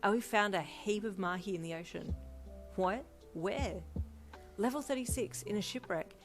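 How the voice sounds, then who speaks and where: A woman's voice: mid-range voice, moderate pace, lightly acted. A woman voicing a playful, cheeky teenage girl who reassures and jokes, over faint instrumental music. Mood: eager.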